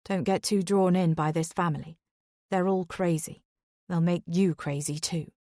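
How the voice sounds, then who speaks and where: A woman's voice: lowish voice, steady tone, normal speed, mellow, no room sound, clean studio sound, natural voice. A woman reading a sullen stepdaughter's warning.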